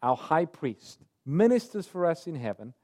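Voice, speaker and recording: Guy preaching a sermon, kinda high mellow voice, earnest, gets loud then drops real soft. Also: very animated, moderate pace.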